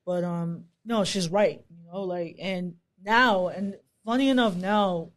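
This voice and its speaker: A man's voice: high voice, takes it slowly, fairly bright tone. A man with a Bermudian accent co-hosting a podcast in laid-back, casual chat, swearing freely. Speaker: podcast co-host.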